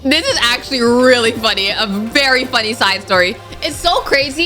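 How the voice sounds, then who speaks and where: Young woman streamer, bright and lively, faint game music behind. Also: a little high, normal speed, hardly any pauses. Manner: animated, joking, chatty to viewers. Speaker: gaming streamer. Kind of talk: let's-play commentary.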